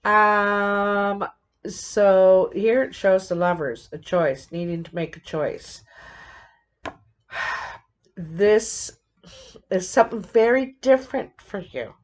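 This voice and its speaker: A woman lays out tarot cards and talks through them at an unhurried, slow pace. Her pitch sits in an ordinary middle range. She thinks aloud, pausing and restarting with lots of fillers. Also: lively intonation, dark tone. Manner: musing, halting, thinks aloud with many fillers. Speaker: tarot reader. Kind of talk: casual tarot reading.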